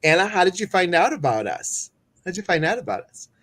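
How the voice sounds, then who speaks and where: A man's voice: high voice, very animated, a little fast, a bit bright. A man hosting a live stream, chatting casually, greeting viewers and reading their comments, with many fillers. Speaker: host.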